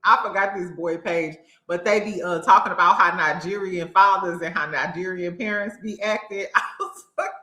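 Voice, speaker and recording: A woman hosting a casual recap show, animated and laughing often as she acts out what people said. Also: medium pitch, echoey room. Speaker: host.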